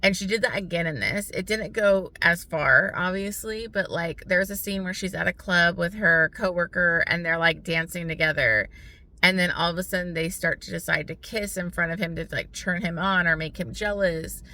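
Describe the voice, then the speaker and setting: A woman's voice: lowish voice, normal speed, sharp tone. A young American woman giving a blunt, frustrated book review, swearing often and filling her talk with "like". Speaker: book vlogger.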